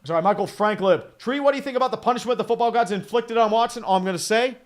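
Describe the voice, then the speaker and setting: High-voiced, profane fan calling plays. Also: male voice, very fast. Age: 30s. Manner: profane, exasperated and sarcastic. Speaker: streamer and fan play-by-play commentator. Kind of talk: live fan play-by-play commentary.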